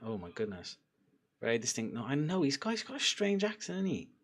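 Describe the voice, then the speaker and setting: Young male fan streamer, casual and animated, bouncy voice, loud yelps at near-misses. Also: medium pitch, brisk. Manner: excitable, laughing, loud outbursts at chances. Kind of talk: live watchalong chat.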